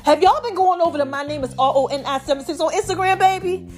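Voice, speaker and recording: Female podcast host, high-pitched, a bit winded, energetic motivational chat with soft music under it. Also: fast talker. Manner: lively, preachy, slangy, calls herself Mama. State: slightly out of breath. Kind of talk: casual inspirational monologue.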